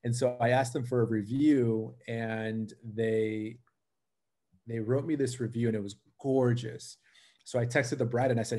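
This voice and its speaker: A man's voice: medium pitch, moderate pace. A man, a live wedding painter, telling a personal story on a casual interview show, acting out his own thoughts as he goes. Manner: animated storyteller, acts out his own inner voice.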